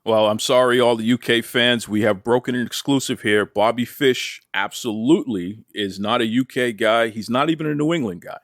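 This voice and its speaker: A man's voice: mid-range voice, moderate pace, few pauses, fairly bright tone, no room sound, studio quality. A man hosting an interview show, asking questions in an upbeat, playful way. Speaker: podcast host.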